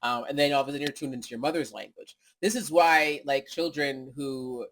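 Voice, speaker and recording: A woman's voice: rumbling low, brisk, a bit bright, a little hiss or hum. Rambling American woman co-host. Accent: General American. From United States. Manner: rambling, tangential, says "you know what I mean". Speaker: podcast co-host. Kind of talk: casual podcast chat.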